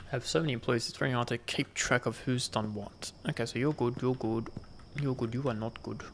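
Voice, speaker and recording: Gaming host, male, gravelly middle voice, talks to himself while playing. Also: mid-range voice, steady tone, fairly quick, a bit bright, a little hiss or hum. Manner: thinking aloud, muttering counts to himself. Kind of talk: gameplay commentary.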